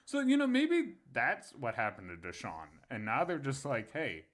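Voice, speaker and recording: Animated, crude young man telling a story. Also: mid-range voice, moderate pace. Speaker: podcast co-host. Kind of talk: casual storytelling chat.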